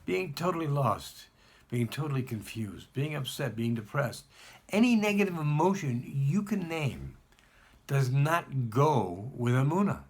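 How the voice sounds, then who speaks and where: A man's voice: medium pitch, sing-song, unhurried, husky. A man speaking as a rabbi, giving an emphatic spoken lesson and repeating points to press them home.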